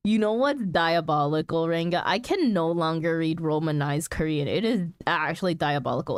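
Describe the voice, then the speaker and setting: This is a woman streamer in casual conversation with her viewers as she reads chat, full of laughter and "like" fillers. Her voice sits on the low side with a clean tone and no room sound.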